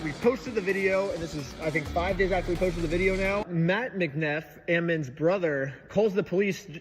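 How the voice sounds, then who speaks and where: A man's voice: high-pitched, normal speed, big-room sound, over music. A man narrating his own video in a casual, mocking, sarcastic tone.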